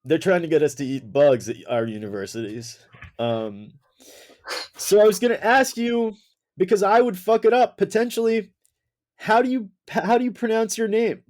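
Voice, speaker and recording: A man's voice: high voice, lively intonation, moderate pace, a little mellow. An American man hosting a podcast interview, teasing and joking with his guest. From United States. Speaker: podcast host. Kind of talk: casual interview chat.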